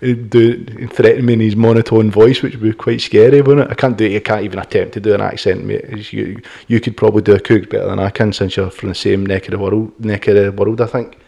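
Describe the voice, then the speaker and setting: A man's voice: fairly low pitch, flat delivery, fast talker, creaky, hardly any pauses, warm tone. A middle-aged man hosting a podcast, talking bluntly and opinionatedly, swearing and laughing often. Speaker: podcast host. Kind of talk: casual podcast chat.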